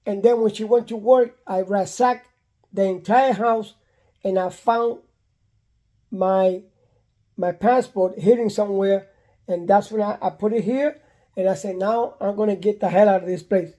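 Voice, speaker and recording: An older man from Puerto Rico telling a personal story in a blunt, animated way, repeating himself and acting out what people said. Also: sits high, unhurried.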